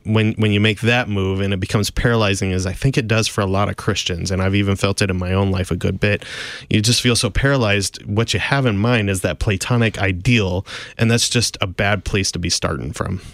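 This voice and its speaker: Low-voiced reflective pastor. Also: male voice, a bit bright, no echo, studio quality. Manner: hesitant, many fillers, reflective. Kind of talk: theological discussion.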